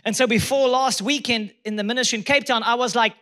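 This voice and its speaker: A man's voice: very high-pitched, steady tone, fast talker, sharp tone. A pastor man preaching a sermon, driving his points home with emphatic repetition. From South Africa.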